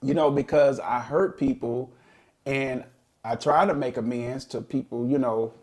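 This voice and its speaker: A man's voice: mid-range voice, fairly even intonation, unhurried, a little mellow. A middle-aged man and podcast co-host, telling a personal story in an earnest, reflective way during a casual chat.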